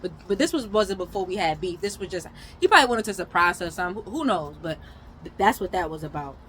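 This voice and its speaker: A young woman from New York telling a casual storytime, animated, with loud outbursts and mumbled asides. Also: fairly low pitch, quick pace, a little hiss or hum, rough recording.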